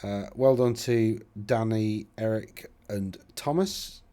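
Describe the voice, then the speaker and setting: A man's voice: on the low side, takes it slowly, mellow. A man hosting a casual commentary, rambling and thinking aloud with self-deprecating asides as he browses results. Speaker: host.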